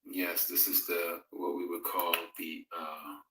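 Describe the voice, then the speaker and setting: Low-voiced guy hosting a bible live stream, reads out chat comments, echoey room, sits back from the mic. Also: flat delivery, slow pace, recorded from a distance, noisy background. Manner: reads out viewers' comments and answers them conversationally. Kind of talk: casual live-stream chat and scripture reading.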